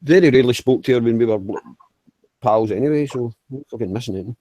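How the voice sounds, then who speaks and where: Guy rambling n swearing, mellow voice, dry sound, keeps restarting. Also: medium pitch, quick pace, no room sound, dull audio. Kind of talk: casual chat.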